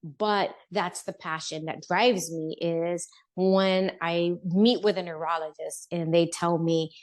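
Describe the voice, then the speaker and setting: A woman's voice: on the low side, fairly even intonation, slow pace. A middle-aged woman on a podcast as a guest, telling her own story in an earnest, heartfelt way and acting out what people said to her. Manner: earnest, heartfelt, acts out quoted speech. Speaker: podcast guest, business owner. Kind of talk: personal storytelling interview.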